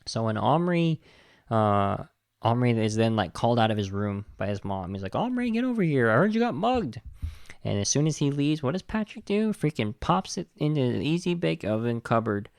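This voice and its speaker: Male podcast host: low, gravelly, dry sound, animated and indignant. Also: moderate pace, no echo. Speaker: podcast host reviewing a film. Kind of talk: casual film review chat.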